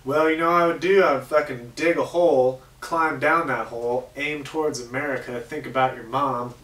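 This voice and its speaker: A man's voice: medium pitch, fairly even intonation, normal speed, a bit bright, roomy sound, recorded from a distance. A man hosting a comedy show, telling crude jokes in a casual, swearing monologue. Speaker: host.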